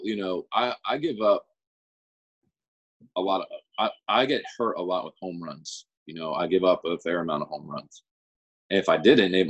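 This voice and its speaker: A man's voice: low-pitched, husky, low-quality recording. A young man, a guest on an interview show, chatting casually and explaining things in an easygoing, rambling way. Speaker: guest pitcher.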